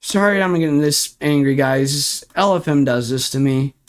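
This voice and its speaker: A young man livestreams sim racing, ranting in frustration and swearing as he goes through replay footage. His voice is fairly high-pitched and smooth, at a moderate pace.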